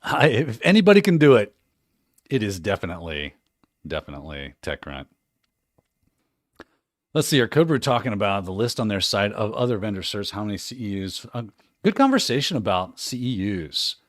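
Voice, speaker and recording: A man hosts a livestream in relaxed chat, reading out viewer comments and joking along. His pitch moves lively up and down. The sound is dry and close. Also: normal speed, no room sound. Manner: reads out viewer comments, jokey, laughs often. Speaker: livestream host.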